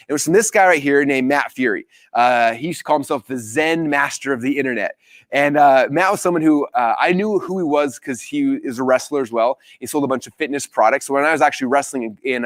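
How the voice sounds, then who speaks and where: Fast-talking energetic man telling a story. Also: mid-range voice, dry recording. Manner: energetic storytelling, acting out quoted dialogue. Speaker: business coach. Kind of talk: live training talk.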